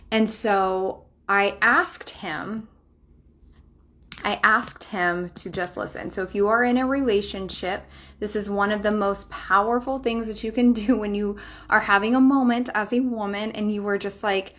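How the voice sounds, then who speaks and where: A woman's voice: mid-range voice, normal speed, a bit bright. A woman in her thirties, a spiritual life coach talking to camera in a chatty, emphatic way, swearing casually and laughing often.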